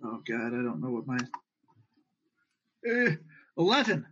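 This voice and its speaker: A man's voice: mid-range voice, very animated, measured pace, very noisy. A man playing in a tabletop game, talking eagerly and casually. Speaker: player. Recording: dull lo-fi mic.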